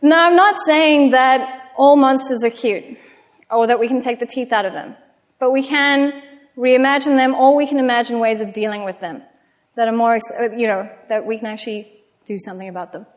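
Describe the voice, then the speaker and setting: A woman's voice: on the high side, fairly even intonation, normal speed. Chatty woman speaker in a reverberant hall. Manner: chatty, self-mocking storyteller. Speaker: speaker giving a talk. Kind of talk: public talk with anecdotes.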